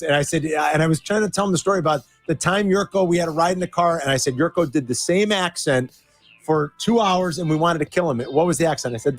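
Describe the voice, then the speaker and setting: A man co-hosting a sports radio show, bantering playfully and trailing off into mumbles. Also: fairly high pitch.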